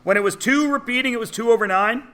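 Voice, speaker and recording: A man teaching a math class in a classroom, chatty and teasing, often checking in with quick questions. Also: extremely high pitch, bright, forceful tone. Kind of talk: classroom lesson.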